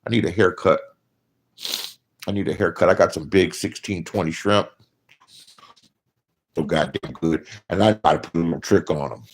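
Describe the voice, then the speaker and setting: Profane, animated man ranting. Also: moderate pace, pauses often. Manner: profane, animated, swings loud and high when mocking. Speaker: online commentator. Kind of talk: casual commentary rant.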